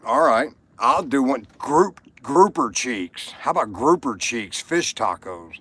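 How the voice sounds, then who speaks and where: A man's voice: mid-range voice, animated, slow pace, a bit bright. A man hosting a casual livestream, rambling between topics and talking to viewers by name. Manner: rambling, reads viewer comments aloud. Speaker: livestream host. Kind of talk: casual chat.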